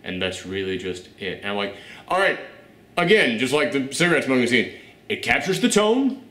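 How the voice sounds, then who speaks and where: A man talks through a film review in a loose, casual way. He sounds blunt and sarcastic and swears without a second thought. His voice sits at a middle pitch and echoes around a roomy space. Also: sing-song, moderate pace, bright, forceful tone. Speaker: film review show host. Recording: roomy echo.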